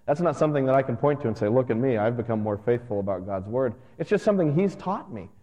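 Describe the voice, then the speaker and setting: A man in his thirties, a pastor, giving a conversational and earnest sermon that gets animated at times. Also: medium pitch, fast. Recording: dull lo-fi sound with long hall reverb.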